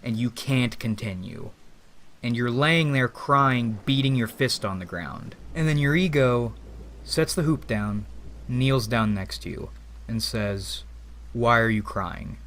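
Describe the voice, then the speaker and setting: Man, vlog monologue, rambling, philosophical, swears casually, medium-pitched voice. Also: animated, unhurried, a bit bright. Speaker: vlogger. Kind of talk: reflective spoken monologue.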